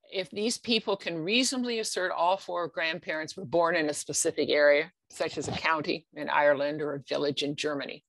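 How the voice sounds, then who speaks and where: A woman's voice: fairly low pitch, fairly bright tone, dry recording. A middle-aged woman from the United States giving a genealogy presentation, talking casually and checking in with "okay?" as she explains slides. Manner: conversational, frequent "okay?" and restarts.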